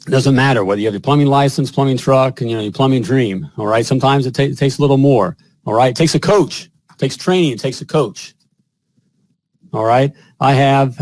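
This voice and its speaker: A male live-show host in a salesy, upbeat patter, tagging "all right?" onto his lines. His voice sits at an ordinary pitch. The close mic keeps it dry. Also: a little mellow, dry recording. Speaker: podcast host and plumbing business coach. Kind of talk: casual live-stream chat and ad read.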